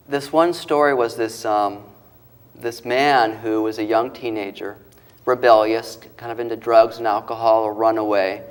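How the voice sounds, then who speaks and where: A male author and interview guest who retells moving stories, acting out the quoted voices and getting choked up. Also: on the low side. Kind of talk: emotional storytelling interview.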